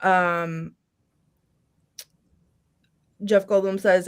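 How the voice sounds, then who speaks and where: A woman's voice: on the low side, measured pace, long pauses. A woman co-hosting a podcast in casual chat, retelling scenes with lots of fillers. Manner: chatty, retells film scenes with many fillers. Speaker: podcast co-host.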